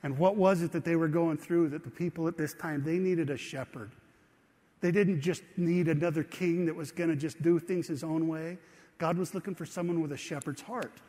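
A middle-aged pastor delivers a sermon in an easy, storytelling way, often turning to his listeners with questions. His voice sits somewhat high for a man. The sound rings with the long reverb of a church hall. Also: warm tone. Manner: conversational storytelling preacher, asks the congregation questions. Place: church sanctuary.

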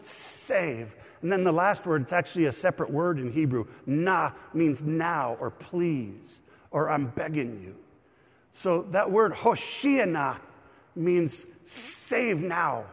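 Animated preacher man in a reverberant hall. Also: fairly high pitch, slightly rough. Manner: animated, shouts for emphasis, teaching aside. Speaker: pastor. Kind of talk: sermon.

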